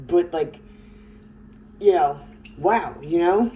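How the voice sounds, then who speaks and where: A woman's voice: mid-range voice, very animated, takes it slowly, pauses often, a little mellow, slight background noise, rough recording. A woman talking to herself at home in a casual vlog, rambling and groggy. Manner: rambling, groggy self-talk. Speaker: vlogger.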